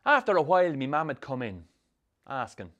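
An actor narrating a film as a troubled young Irish man with a Sligo accent, telling his rough youth in a dry, sardonic way. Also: mid-range voice, sing-song, normal speed, fairly bright tone, highs cut off. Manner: dry, sardonic storytelling with strong swearing. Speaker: narrator, the film's lead. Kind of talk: scripted film voice-over.

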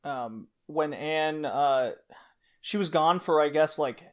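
A man's voice: a little high, slow pace. A man co-hosting an anime podcast, retelling scenes casually and acting out the characters' lines with energy. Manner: animated storyteller who acts out the characters' lines. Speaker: podcast co-host. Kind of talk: casual chat.

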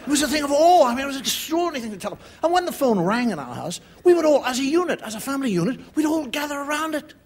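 A man's voice: very high voice, big pitch swings, rapid-fire, hardly any pauses. A man with an Irish accent doing a stand-up monologue on television, acting out the voices of the people in his story. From Ireland. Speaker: stand-up comedian. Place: television studio with live audience. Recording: audience laughter and noise behind. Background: audience laughter.

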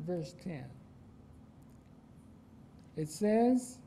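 Mellow-voiced preacher from Iowa, man. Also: fairly high pitch, expressive, takes it slowly, long pauses, a little hiss or hum, low-quality recording. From Iowa, United States. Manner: emphatic, asks the congregation rhetorical questions. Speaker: pastor. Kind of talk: sermon.

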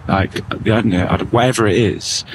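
A man's voice: fairly low pitch, fairly even intonation, a little fast. A man talking as a vlogger outdoors on a town street, musing in a loose, reflective way. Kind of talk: casual walking vlog. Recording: street traffic noise behind.

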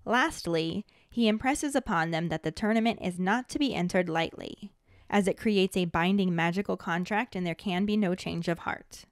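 A woman podcast host narrating a scripted chapter recap in a steady, even storytelling manner. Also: on the low side, normal speed, no echo, clean studio sound.

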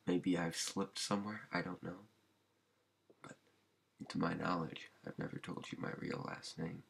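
A man with a very low, gravelly voice talks in a halting, rambling way, full of fillers and restarts. His tone is husky and rough rather than clear, and he often slips into a whisper. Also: fairly even intonation. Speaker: ASMR channel host. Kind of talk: soft-spoken ASMR channel update.

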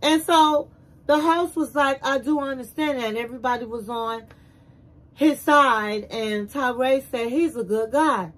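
A woman hosting a casual show recap, retelling scenes in an animated way and acting out the quotes. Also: high voice, unhurried, low-quality recording.

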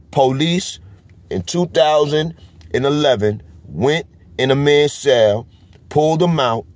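A man's voice: mid-range voice, a little mellow, no echo. A man with a New York accent, talking straight to camera in a casual vlog and driving each point home with a constant "you heard?". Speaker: vlogger. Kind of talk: casual street commentary.

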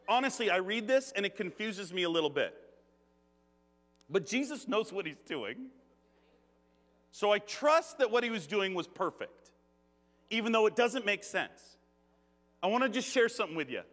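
A man preaching a conversational sermon in a church, joking, animated and laughing often. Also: high-pitched. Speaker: guest preacher. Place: church sanctuary. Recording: long reverb of a church hall.

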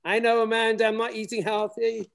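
A man's voice: sits high, flat delivery, fairly quick, creaky, a bit bright. A man giving a remote classroom demonstration over a video call as a space program educator, talking in a playful way with many restarts.

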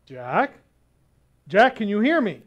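A man voicing a calm, patient God. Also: high-pitched, slow pace, muffled recording, full character voice. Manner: calm, patient, softly assured. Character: God, calm all-present male voice.

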